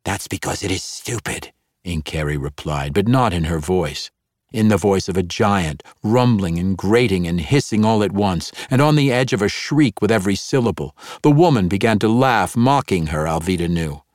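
Male narrator, low voice, dry close sound, measured audiobook read. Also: animated, a little mellow, no room sound.

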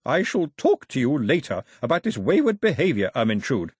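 A man's voice: mid-range voice, wildly swooping pitch, normal speed, breathy edge, no room sound, clean studio sound. A man voicing a domineering old grandmother who talks in an imperious, scolding way, in an audiobook reading. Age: older. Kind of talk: audiobook character voice.

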